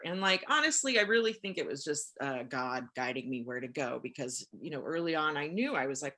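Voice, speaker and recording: Casting: woman podcast co-host, low pitch, bright edge, candid and self-mocking in casual talk. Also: brisk. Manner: candid, rambling, self-mocking, animated retelling. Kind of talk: casual recovery chat.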